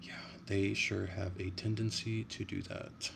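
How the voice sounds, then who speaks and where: A man with a deep, gravelly voice chats with his viewers in a loose, rambling way. He swears freely and restarts his sentences often. A faint noise sits under the voice. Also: little pitch movement, unhurried. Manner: rambling, profane, frequent restarts. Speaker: livestreamer chatting with viewers. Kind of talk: casual livestream chat.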